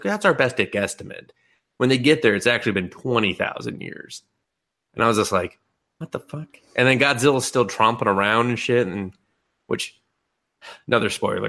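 Man, young adult, podcast co-host, lowish voice, bright and forceful, profane animated retelling. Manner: animated, profane retelling with laughs and mock quotes. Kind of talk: casual anime podcast chat.

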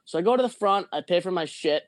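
A man's voice: sits high, lively intonation, fast, no room sound. A man telling a rambling, profane story in a casual podcast chat. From not from Jersey or Pennsylvania.

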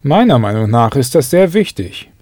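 Man speaking lively example phrases. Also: mid-range voice, moderate pace, no room sound, clean studio sound. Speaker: model speaker in a language lesson.

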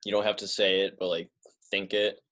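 A man's voice: low-pitched, flat delivery, brisk, a bit bright. A man hosting a sports podcast, chatting casually and saying "like" often. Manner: casual, heavy use of "like". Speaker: podcast host.

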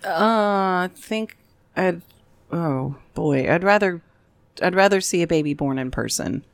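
A woman co-hosting a casual podcast, hesitant and soft-spoken. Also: lowish voice, unhurried, dry recording. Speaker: podcast co-host.

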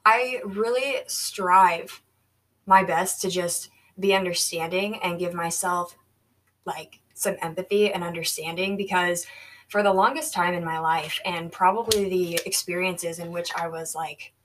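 A woman's voice: on the low side, fairly even intonation, unhurried, fairly bright tone, far from the mic, rough recording. A woman hosting a solo podcast, talking earnestly and reflectively about coaching herself. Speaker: podcast host.

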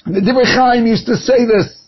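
A man preaches with fervor, spinning a parable for his listeners. His voice sits unusually high and comes out husky. The recording sounds dull and lo-fi. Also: moderate pace. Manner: impassioned storytelling. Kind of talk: sermon with parable.

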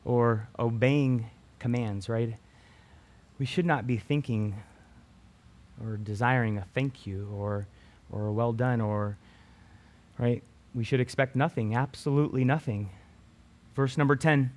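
A man teaching a Bible passage to a group of students in a relaxed, conversational sermon. He tags his sentences with "right?" and often restarts a phrase before finishing it. His voice sits in a middle pitch. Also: measured pace. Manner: keeps adding "right?" tag questions.

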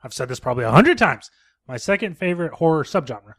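A man's voice: on the high side, very animated, quick pace, a bit bright, no room sound, clean studio sound. A young man co-hosting a casual horror podcast, teasing and joking with his co-host.

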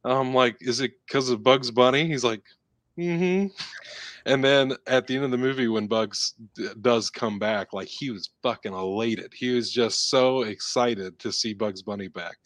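A man's voice: medium pitch, fairly even intonation, normal speed, few pauses, a bit bright, dry recording. A man co-hosting a podcast, chatting casually and rambling through a story with many fillers. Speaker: podcast co-host. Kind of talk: casual chat.

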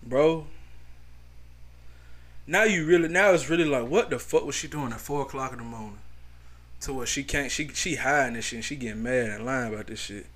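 A man co-hosting a podcast, speaking with a Southern US accent. He reads posts aloud and riffs on them, loose and profane, full of energy. His voice sits at an ordinary pitch. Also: brisk, long pauses, a bit bright. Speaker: podcast co-host. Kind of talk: casual podcast chat.

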